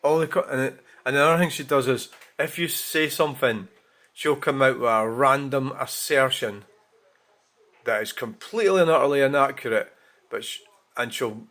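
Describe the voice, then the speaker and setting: A man's voice: mid-range voice, normal speed, fairly bright tone. Rambling man, blunt and sweary. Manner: rambling, frank, frequent swearing and self-corrections. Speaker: vlogger. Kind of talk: casual monologue.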